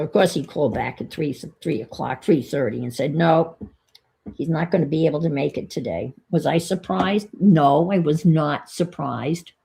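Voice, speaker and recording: A woman's voice: sits low, gravelly, darkish tone. A woman chatting casually on her vlog, telling an exasperated story and thinking aloud as she works on a craft. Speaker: vlogger. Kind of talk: casual chat while crafting.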